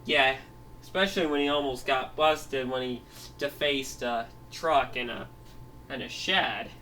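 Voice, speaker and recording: A man with a medium-pitched, bright and forceful voice spins an invented tale at an unhurried pace. He rambles, keeps restarting, and laughs along the way. The mic picks him up from a distance, with faint background noise.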